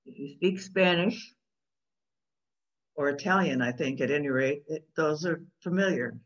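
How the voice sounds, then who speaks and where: Patient instructor, very slow delivery, dull lo-fi sound, chants syllables evenly in a call-and-response pronunciation lesson. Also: medium pitch. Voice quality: patient, explains step by step. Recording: dull lo-fi recording.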